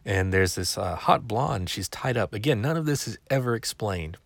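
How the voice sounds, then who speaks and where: A man's voice: on the low side, animated, moderate pace, vocal fry, no room sound. A man hosting a podcast, rambling in a chatty, wry way. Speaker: podcast host. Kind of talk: casual chat.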